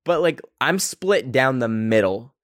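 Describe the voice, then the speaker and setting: A man's voice: mid-range voice, animated, unhurried, dry recording, clean studio sound. A young man hosting a podcast on his own, chatting casually and rambling with lots of filler words and self-mocking asides. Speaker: podcast host. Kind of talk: casual solo chat.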